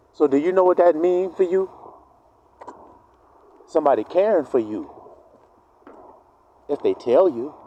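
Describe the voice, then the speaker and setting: Man, slightly high voice with wild swings in pitch, preaching a profane street sermon that acts out both sides of each argument. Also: warm tone, lo-fi sound. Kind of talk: street-style sermon monologue.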